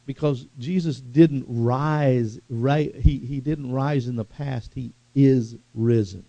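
A man preaching a sermon with fervent, animated delivery and sudden loud bursts. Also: mid-range voice, takes it slowly, no room sound.

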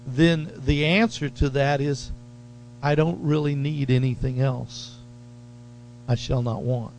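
A man's voice: mid-range voice, fairly even intonation, gravelly, a little mellow, slight background noise. A man preaching a sermon as pastor, leaning hard on key phrases and drawing them out. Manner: slow, emphatic preaching with drawn-out stressed phrases.

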